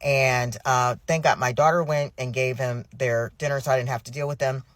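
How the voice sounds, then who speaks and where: A middle-aged woman caregiver venting in an exasperated, rushed way, often restarting her sentences. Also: rumbling low, fairly even intonation, dry recording. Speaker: family caregiver. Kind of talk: emotional personal venting.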